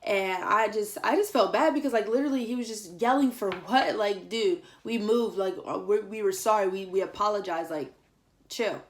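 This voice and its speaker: Speaking at a moderate pace in a medium-pitched voice, a young female vlogger casually recounts a story in slangy, chatty style, saying "like" a lot. She's animated, performing other people's lines.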